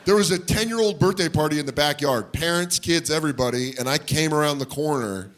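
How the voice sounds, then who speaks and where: Onstage at a comedy club, a man does stand-up, telling an animated story and acting out the voices of the people in it. His voice is a little high and a little fast with few pauses, and the live recording picks up audience noise and laughter.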